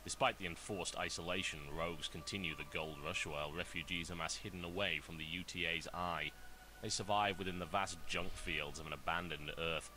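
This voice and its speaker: Deep-voiced male game narrator, formal. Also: fairly even intonation, sharp tone, slight background noise. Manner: formal, measured storytelling delivery.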